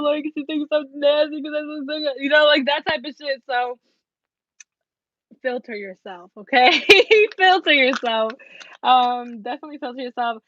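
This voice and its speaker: A woman's voice: a little high, dry recording, lo-fi sound. A young woman giving a casual tarot reading, blunt and profane, laughing and acting out little scenes. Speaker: tarot reader.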